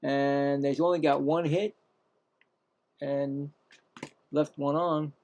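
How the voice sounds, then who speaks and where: A man's voice: a little high, flat delivery, takes it slowly, darkish tone. A man hosting casual live baseball play-by-play, rambling, self-mocking, and often stumbling and correcting himself. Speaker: play-by-play host.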